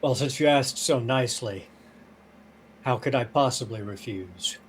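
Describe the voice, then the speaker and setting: A man's voice: mid-range voice, a little slow, a little hiss or hum, close to an everyday voice. A man voicing a cool, dry-humored male gunman in a tabletop horror game. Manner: dry, sardonic.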